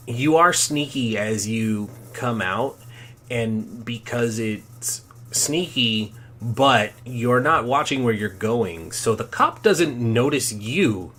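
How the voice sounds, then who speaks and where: A man's voice: medium pitch, a bit bright. A man running a tabletop game as game master, narrating with many ums and restarts. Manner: halting, full of ums and restarts.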